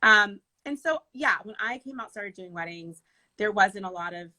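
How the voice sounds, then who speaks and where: A woman wedding planner chatting casually in an interview, animated and laughing as she tells stories. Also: mid-range voice, normal speed, low-quality recording. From Michigan.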